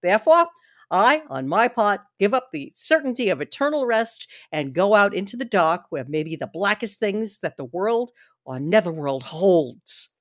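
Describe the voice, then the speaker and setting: A woman's voice: medium pitch, very animated, normal speed, no echo, clean studio sound, lightly acted. A woman reading as a devoted earnest young wife. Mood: resolute. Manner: dramatic, heartfelt reading. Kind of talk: amateur dramatic reading.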